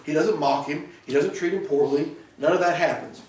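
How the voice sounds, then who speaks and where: A man with a Southern American accent preaches a casual, animated sermon, slipping into voices for the people in the story and restarting his sentences often. His voice sits a little high for a man. The sound comes from far off in a very echoey church with a faint hiss. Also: moderate pace. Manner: animated, retells scripture with voices, frequent restarts. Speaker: pastor. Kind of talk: conversational sermon. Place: church sanctuary.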